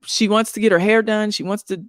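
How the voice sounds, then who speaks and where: A woman's voice: mid-range voice, steady tone, a little fast, no echo, studio quality. A woman on a podcast in casual chat, explaining events and retelling what others said. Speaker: podcast guest.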